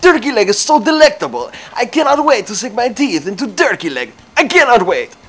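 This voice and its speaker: A man putting on a rude, impatient foreign man who demands food in loud, clipped, broken English with a Russian-sounding accent. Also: extremely high pitch, sing-song, a little fast, voice pushed up, full character voice. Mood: mock pleading. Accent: Russian-sounding put-on accent.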